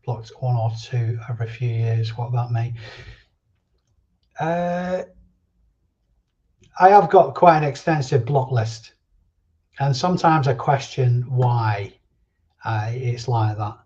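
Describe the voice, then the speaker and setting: Speaking slowly with frequent pauses, this man has a slightly mellow, mid-range voice. He runs a laid-back live stream chat, responding to viewer comments and wandering between topics in a rambling way, all over dull lo-fi stream audio.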